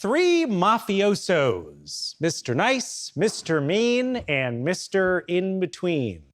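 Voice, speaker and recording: A woman's voice: lowish voice, wildly swooping pitch, takes it slowly. A woman hosting an improv game show, reading prompts and cutting players off playfully. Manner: crisp, playful cut-offs and announcements.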